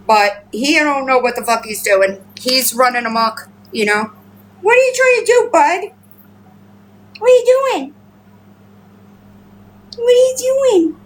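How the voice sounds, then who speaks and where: A woman chatting casually on a home livestream, rambling and swearing, and breaking into high baby-talk with her pets. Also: a bit bright, slight background noise, poor audio. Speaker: livestream host. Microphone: phone.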